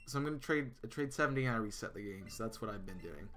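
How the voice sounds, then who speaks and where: A bright, forceful male voice chatting loosely with his live chat as he plays a game. He rambles through stories and answers viewers, stumbling over restarts and fillers. Faint music plays underneath. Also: fairly low pitch, lively intonation, fast. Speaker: streamer. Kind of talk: casual live-stream chat.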